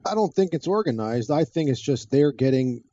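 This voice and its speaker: A man in a casual talk podcast, blunt and quick, speaking in asides. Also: mid-range voice, animated, warm tone. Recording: dull lo-fi sound.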